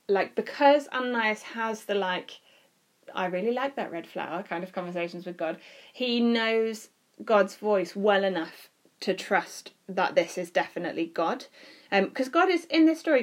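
A woman leading a youth group session, explaining ideas in a chatty, teasing way with lots of fillers. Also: mid-range voice. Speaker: youth leader. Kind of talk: casual teaching chat.

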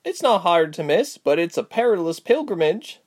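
An excitable, motherly innkeeper's wife, as a male narrator puts her on, stressing every word with feeling. The voice is pitched very high, pushed loud, and a little distant. It comes from a storybook reading. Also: moderate pace. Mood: gushing. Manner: emphatic, gushing.

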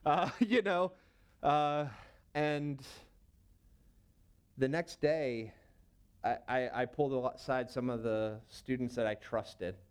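A man's voice: medium pitch, slow, pauses often, smooth. A man in his thirties, a youth pastor, telling a personal story in a casual, rambling way with many fillers.

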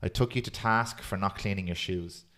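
A man hosting a podcast, chatting casually and reading a poem aloud in a steady, earnest way. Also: deep voice, moderate pace. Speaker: podcast host.

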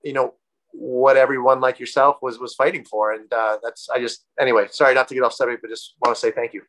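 Give me a man talking haltingly as a podcast guest, lots of fillers. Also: mid-range voice, flat delivery, a bit bright, low-quality recording. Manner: rambling, halting with many fillers. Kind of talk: casual interview talk.

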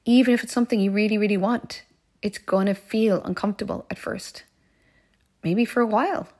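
A woman with a gravelly, fry-edged voice, talking through a personal story for her podcast. She sounds earnest and heartfelt, circling back over key phrases, and at times drops into soft, breathy asides. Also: medium pitch, fairly even intonation, fairly quick. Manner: earnest and heartfelt, often repeating phrases for emphasis. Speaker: life coach podcast host.

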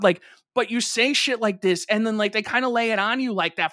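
A man's voice: high-pitched, brisk, pushed and bright, no echo, clean studio sound. A young man co-hosting a podcast in casual chat, rambling with lots of fillers and swearing freely.

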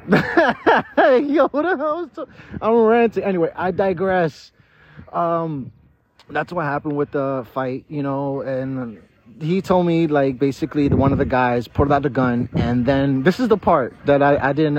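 A man's voice: medium pitch, darkish tone, lo-fi sound, slight background noise. A tipsy, slurring young man tells a rambling, profane story straight to his viewers from a park. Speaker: vlogger. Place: outdoors in a park.

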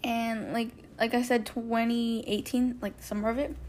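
A young woman with a slightly high voice hosts a casual podcast, telling a personal story in a loose, rambling way. She fills her sentences with "like" and briefly acts out what people said. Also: flat delivery, normal speed, a little mellow, slight background noise. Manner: rambling, heavy use of "like", acts out quotes. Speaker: podcast host.

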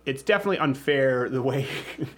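A man's voice: mid-range voice, lively intonation, brisk, a bit bright. A man hosting a casual studio show, joking and rambling with frequent restarts. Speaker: host.

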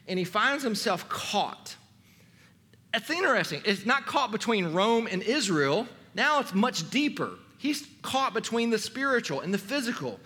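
A male teaching pastor preaching a sermon, acting out the quoted voices with dramatic swings from loud to quiet. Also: a little high. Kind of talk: expository sermon.

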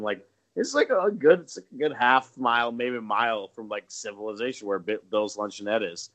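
Swearing animated man telling a story. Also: brisk. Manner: swears freely, animated, raises pitch acting out quotes. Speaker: podcast co-host. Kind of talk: casual storytelling among friends.

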